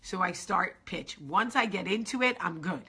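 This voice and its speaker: A woman vlog host telling a story casually to her viewers, animated and chatty, swearing freely and talking straight to the audience. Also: on the low side, normal speed, breathy edge.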